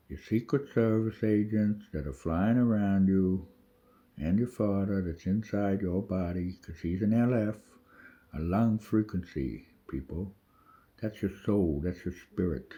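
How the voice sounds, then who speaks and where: Deep husky man rambling. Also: unhurried, mellow. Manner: rambling, profane, urgent, with many restarts. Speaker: vlogger. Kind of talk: rambling spiritual monologue. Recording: dull lo-fi audio.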